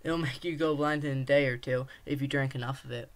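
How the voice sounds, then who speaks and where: A man voicing a calm, chatty talking snake. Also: medium pitch, brisk, lightly acted. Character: friendly talking male rattlesnake granting wishes.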